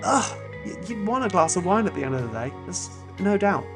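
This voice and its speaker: A man's voice: sits high, sing-song, brisk, music in the background. A man from France hosting a podcast, rambling and self-mocking, swearing freely between stretches of reading an essay aloud. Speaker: podcast host.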